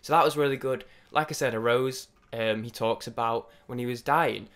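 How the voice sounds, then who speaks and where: A young man giving rambling, excitable off-the-cuff first impressions of an album, with many restarts and some swearing. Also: mid-range voice, moderate pace, few pauses. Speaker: music reviewer.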